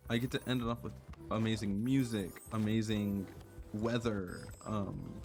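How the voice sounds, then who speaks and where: A young man streaming a game, talking in a soft, earnest, rambling way with many fillers and restarts. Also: lowish voice, fairly even intonation, unhurried, vocal fry, faint music behind. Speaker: gaming streamer. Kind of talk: reflective casual chat while playing.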